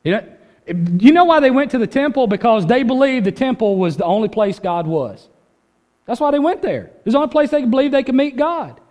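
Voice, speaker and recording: A man preaching a sermon as pastor, urgent and conversational, dropping low then rising with force. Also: expressive, fairly quick, darkish tone, in a large hall. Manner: urgent, conversational preaching with dramatic drops and rises.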